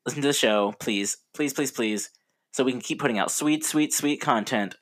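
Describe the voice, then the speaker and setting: A man's voice: medium pitch, moderate pace. A young man co-hosting a podcast in casual chat, rambling and joking with frequent laughs. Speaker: podcast co-host.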